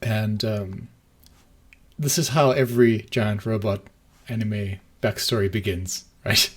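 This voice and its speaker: Lower-voiced man co-hosting a chat podcast. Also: fairly even intonation, slow. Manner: chatty, laughs often, trailing asides. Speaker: podcast co-host. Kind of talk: casual chat.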